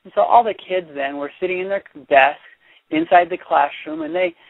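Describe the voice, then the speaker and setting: A man reading a children's picture book aloud as a teacher, chatty and animated, stopping to explain. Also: high voice, moderate pace, no echo. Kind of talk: read-aloud storytelling with commentary. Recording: dry, tinny phone-like sound.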